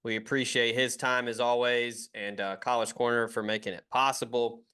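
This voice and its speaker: A man hosting a sports podcast who chats in a relaxed, easygoing way. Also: mid-range voice, normal speed, smooth. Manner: relaxed, easygoing sign-off patter. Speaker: podcast host. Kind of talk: casual podcast chat.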